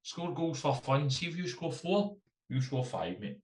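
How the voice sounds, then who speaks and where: A man's voice: a little high, expressive, measured pace, echoey room, recorded from a distance. A Scottish man co-hosting a casual football podcast, joking around, swearing and calling everyone mate. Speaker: co-host.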